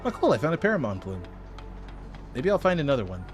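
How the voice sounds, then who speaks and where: A man giving casual gameplay commentary as a streamer, animated and chatty. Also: medium pitch, fast talker, over music. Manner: animated, puts on goofy voices when reading dialogue.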